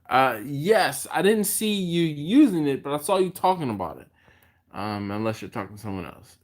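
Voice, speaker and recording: A man from Philadelphia hosting a casual barbecue livestream, reading out viewer comments and chatting back to them. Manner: animated, jumps in pitch when quoting others. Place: home, live stream.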